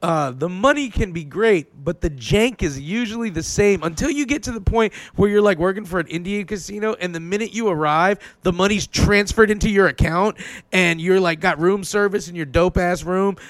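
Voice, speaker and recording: A man, a stand-up comedian guest, telling excitable, profane stories in casual podcast chat. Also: high-pitched, no room sound. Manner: fast, profane, excitable storytelling.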